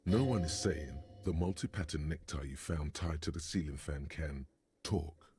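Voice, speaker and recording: An actor voicing a wry, grandiose narrator for a video game. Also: male voice, rumbling low, moderate pace.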